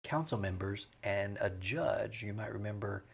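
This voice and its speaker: A middle-aged man talks in a low, gravelly voice. He explains his work in a measured, conversational way. A faint background hiss sits under the recording. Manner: measured, explanatory, breaks into rhythmic vocal imitations. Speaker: mayor and pastor, interview guest. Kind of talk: relaxed conversational interview.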